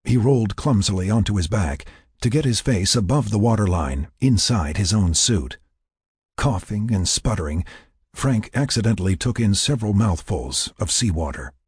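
A man with a low, raspy voice narrates a tense story in a measured way. His delivery moves widely up and down in pitch. The recording is dry and close, with no room sound. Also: animated, darkish tone, no room sound. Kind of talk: scripted narration.

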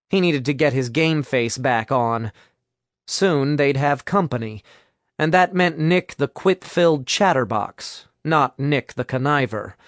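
A man narrating an audiobook in a measured storytelling manner, recorded in a studio booth. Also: medium pitch, dry recording.

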